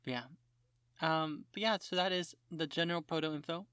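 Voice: mid-range voice, steady tone, a little fast, fairly bright tone, clear, resonant tone, no room sound, clean studio sound. A podcast co-host in casual chat who reads out a synopsis with joking, sarcastic asides.

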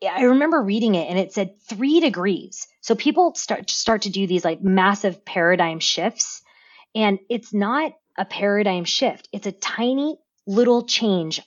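A woman speaking as a podcast guest in casual interview talk, animated and given to repeating words as she tells her story. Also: medium pitch, moderate pace, dull audio. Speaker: podcast guest, business owner.

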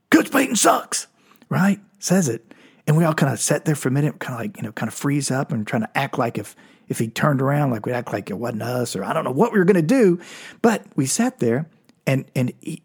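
A man's voice: on the high side, a little mellow, husky. A man in his sixties from Oklahoma, casually telling a rambling personal story with restarts and cursing. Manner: rambling, frequent restarts and profanity, chuckling.

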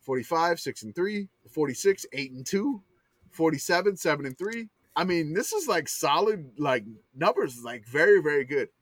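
A man with a somewhat high voice hosts a casual sports podcast, walking through old records with eager running commentary. His voice is close and dry, with no room sound around it. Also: animated, normal speed, a bit bright, no room sound. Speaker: podcast host. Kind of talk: casual chat.

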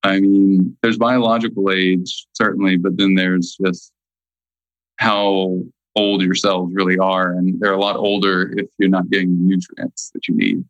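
A man speaking as a nutrition guest in a casual interview, emphatic and slowing down to stress key points. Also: low voice, level tone, no echo, rough recording.

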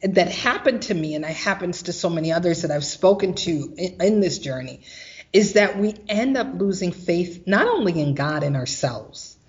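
A woman guest telling a personal story of hardship and faith, animated and acting out the voices of others. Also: lowish voice, moderate pace, muffled recording. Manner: animated, acts out quoted voices.

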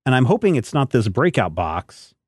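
A man hosting a podcast in casual chat, rambling and halting with many fillers. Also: medium pitch, very animated, darkish tone, breathy edge, no echo. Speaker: podcast host.

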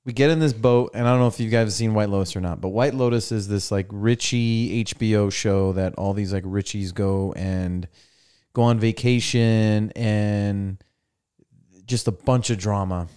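A man's voice: on the low side, normal speed, smooth. A young man hosting a podcast, chatting casually and acting out the people in his stories. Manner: animated storyteller, acts out people's lines. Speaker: podcast host. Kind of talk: casual chat. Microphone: studio mic.

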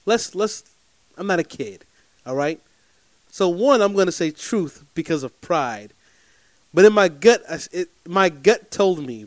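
A man telling a personal anecdote in an animated, emphatic way, often repeating phrases for effect. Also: fairly high pitch, slow, pauses often, no room sound.

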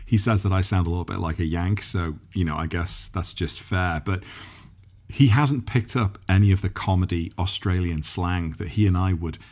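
A man's voice: sits low, moderate pace, darkish tone. A man from Liverpool hosting a casual interview, chatty and enthusiastic. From England, Liverpool. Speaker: host, interviewer.

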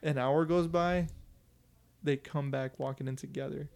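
Gravelly young man telling a story. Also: a little high, fairly even intonation, unhurried, darkish tone. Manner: loose, profane, laughs often. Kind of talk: casual storytelling chat.

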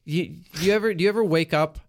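A man in casual chat with friends, playful and quick with wordplay, often laughing. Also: a little high, a little hiss or hum.

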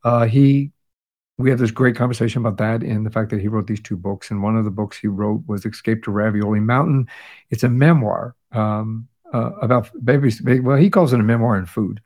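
A man's voice: on the low side, a little fast, darkish tone. A man hosting a podcast, recapping past episodes in a casual chat with fillers and restarts, sounding tired. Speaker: podcast host.

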